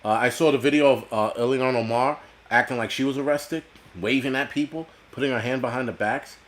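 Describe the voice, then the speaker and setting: A man from the United States talks at an ordinary middle pitch while running a live stream. He rants bluntly and swears often, answering chat in a rambling flow. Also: fairly quick. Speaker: host. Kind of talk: ranting live-stream talk reading chat.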